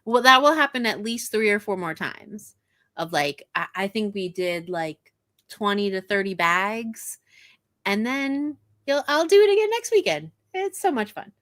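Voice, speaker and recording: A woman co-hosting a relaxed talk show, chatting and telling stories. Her pitch rises and falls a lot as she talks. The sound is dry and close. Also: measured pace, no room sound. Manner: lively, animated storyteller. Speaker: co-host. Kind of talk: casual chat.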